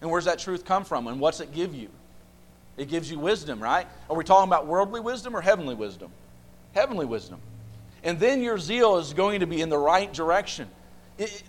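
A man leading a Bible study, asking the group questions and repeating phrases for emphasis. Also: fairly high pitch. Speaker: Bible class teacher.

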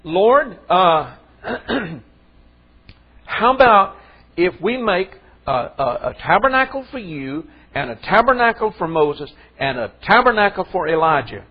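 Preacher man putting on an eager, fumbling fisherman apostle, higher and louder than his own talk, husky, kinda muffled. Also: sing-song, a little slow, full character voice. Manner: flustered, stumbling offer.

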